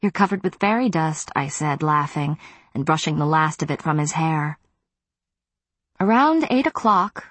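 A woman narrating a novel in the first person, with expressive storytelling. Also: fairly low pitch, dry recording. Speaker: audiobook narrator.

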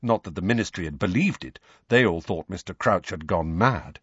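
Man narrating an audiobook, husky. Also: animated, fairly bright tone, no echo, highs cut off. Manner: low, measured narration between voiced dialogue. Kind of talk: scripted narration.

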